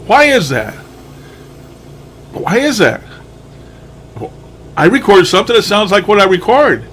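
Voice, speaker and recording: A man's voice: high voice, sing-song, unhurried, fairly bright tone, slight background noise. A man casually commenting on his own recordings, musing aloud, chuckling often and swearing now and then. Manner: chuckling, musing, mildly profane. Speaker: paranormal enthusiast reviewing his recordings. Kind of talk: casual commentary over playback.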